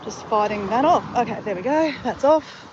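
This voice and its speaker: An Australian woman chatting casually and excitably to viewers on a live stream, recorded outdoors on a phone. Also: a little high, moderate pace, muffled recording, noisy background. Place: outdoors after a walk.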